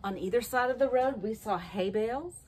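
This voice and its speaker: A woman telling a story to children in an animated way, often asking the listeners questions. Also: a little high, fairly quick. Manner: lively, animated storytelling with asked questions to kids.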